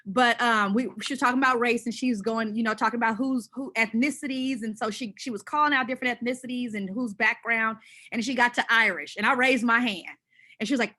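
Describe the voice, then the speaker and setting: A woman from Southern California, a panelist telling a personal story in an animated, conversational way with many fillers and restarts. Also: fairly high pitch, fast talker.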